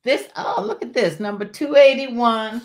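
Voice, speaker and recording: A woman's voice: on the high side, measured pace. A woman hosting a casual live-stream jewelry sale, chatting freely, calling viewers by name and urging them to order and join her shows. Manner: chatty, calls out viewers by name, folksy Southern-style warmth in words like y'all.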